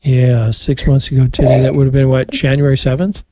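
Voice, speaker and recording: An older man, a priest, leading a rosary on air and talking with callers in a warm, chatty, consoling way. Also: mid-range voice, little pitch movement, fairly quick, no echo. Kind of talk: live rosary broadcast with callers.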